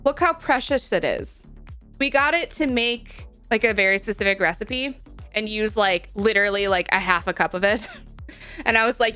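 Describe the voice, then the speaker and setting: A woman's voice: medium pitch, normal speed, sharp tone, clean tone, soft background music. A young adult woman streaming live, chatting casually and bubbly, reading chat and using cutesy slang.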